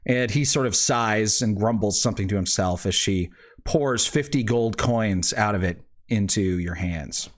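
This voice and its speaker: A man's voice: fairly low pitch, unhurried. Laughing man running a tabletop game. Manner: laughing, hesitant with many fillers. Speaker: game master.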